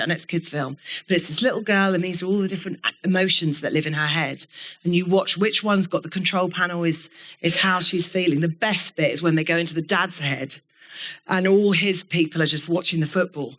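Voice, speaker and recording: Candid woman giving a keynote. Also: fairly low pitch. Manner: candid, animated storytelling with swearing. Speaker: keynote speaker. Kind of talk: keynote talk to a live audience. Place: event studio before an audience.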